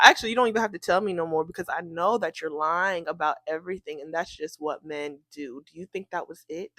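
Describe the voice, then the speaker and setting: A woman telling a storytime tale in an animated, incredulous way, acting out the people she quotes. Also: low-pitched, fast, hardly any pauses, no room sound. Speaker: storytime vlogger. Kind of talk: casual storytime.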